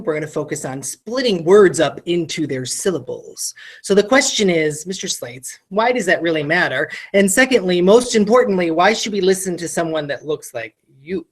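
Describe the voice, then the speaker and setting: A woman teaching a recorded phonics lesson to children. She talks straight to the student with quick questions and sounds out each word slowly, syllable by syllable. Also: lowish voice, expressive.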